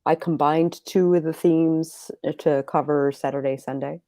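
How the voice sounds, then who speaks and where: A woman's voice: sits low, steady tone, normal speed, mellow, no echo. A woman chatting on a livestream in a laid-back way, giving short, easygoing answers. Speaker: co-host on livestream. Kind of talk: casual livestream chat.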